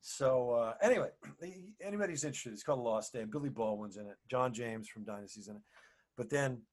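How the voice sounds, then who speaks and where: Husky man telling rambling, animated stories. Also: mid-range voice, brisk. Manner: rambling, animated, with many restarts and fillers. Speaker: actor and singer, guest. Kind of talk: casual storytelling in an interview.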